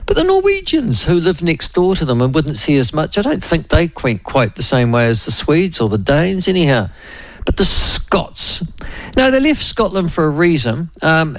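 A middle-aged New Zealand man hosts a talk radio show in a rambling, opinionated and wry way. His voice is gravelly and sits a little high for a man. The studio sound is dry and close. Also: dry recording. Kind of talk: casual talk radio monologue. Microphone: studio microphone.

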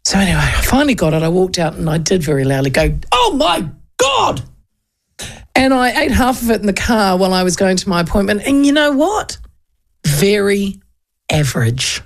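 A woman with a New Zealand accent, a radio host telling a chatty, animated story and putting on voices for the people in it. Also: medium pitch, fairly quick. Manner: animated, chatty, acts out voices in her stories. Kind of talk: casual storytelling chat.

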